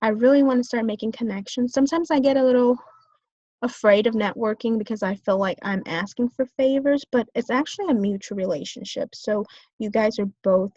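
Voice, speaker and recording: A woman's voice: fairly high pitch, brisk, warm tone, no room sound, highs cut off. A young woman in her twenties, a student, talking through her own strengths and weaknesses in a hesitant way, with many fillers and restarts. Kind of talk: self-reflective talk.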